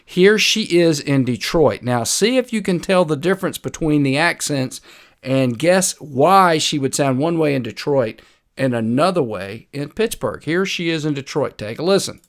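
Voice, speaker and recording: A man's voice: fairly high pitch, lively intonation, normal speed. A man with a North Carolina Piedmont Southern accent hosting a livestreamed political commentary show, talking casually with frequent filler words. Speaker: host.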